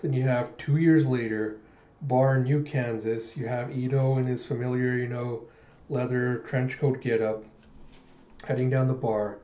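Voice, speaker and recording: A man chats animatedly as he reads through a comic. His voice is mellow and dark. The recording is muffled with room echo. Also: mid-range voice, measured pace. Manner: animated, chatty. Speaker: manga reader. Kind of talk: casual comic readthrough.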